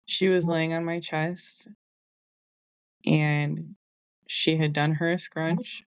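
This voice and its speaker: Telling a personal story on her podcast, a young adult woman keeps it candid and conversational, complete with a Southern "y'all." Her low voice comes through clear and resonant, without any echo.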